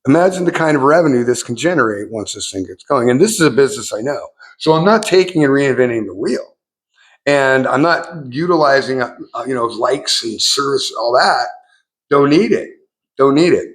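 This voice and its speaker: A middle-aged man vlogging in a casual, rambling monologue, cursing freely and jumping up in pitch when excited. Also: brisk, husky.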